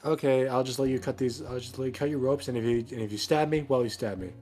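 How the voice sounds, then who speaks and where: A man voicing a captive male goat man who calmly bargains for trust in a tabletop game recap. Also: medium pitch, fast talker, faint music behind, natural voice. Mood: bargaining.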